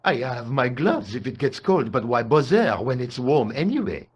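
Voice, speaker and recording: A gruff French guard. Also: male voice, mid-range voice, big pitch swings, normal speed. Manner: gruff, sardonic. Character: grumpy French door guard.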